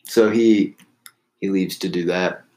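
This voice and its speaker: A man's voice: deep voice, fairly even intonation, slow pace, darkish tone, low-quality recording. A man casually telling a long story, rambling with restarts and laughing at himself.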